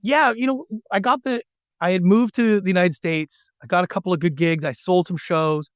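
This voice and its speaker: A middle-aged man telling a story as an interview guest, animated and acting out the dialogue. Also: sits high, moderate pace, no echo, clean studio sound. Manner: animated, acts out quoted dialogue. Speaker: podcast guest.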